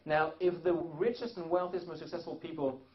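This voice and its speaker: A man's voice: on the high side, fairly even intonation, fairly quick, lo-fi sound. A man presenting a live seminar to a small audience, talking loosely with many restarts and fillers.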